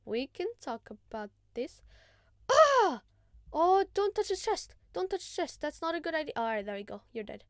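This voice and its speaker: A woman hosting a gaming channel, giving casual gameplay commentary in an excitable, chatty, self-mocking way. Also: high voice, brisk, hardly any pauses, no echo, clean studio sound.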